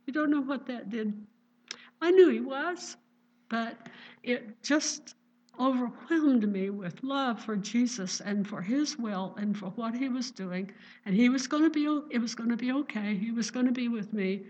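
An older woman preaching a sermon in a gentle, earnest, conversational way, quoting scripture. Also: fairly high pitch, moderate pace. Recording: dull lo-fi recording.

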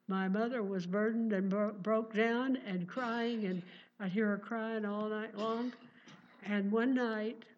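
A woman's voice: medium pitch, darkish tone. A woman preaching a sermon with fervent conviction and repeated exclamations of praise. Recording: dull lo-fi recording.

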